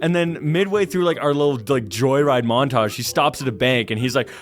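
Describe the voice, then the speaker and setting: A man's voice: mid-range voice, fairly quick. A young man in casual chat, animatedly recounting his dreams and acting out voices. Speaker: co-host.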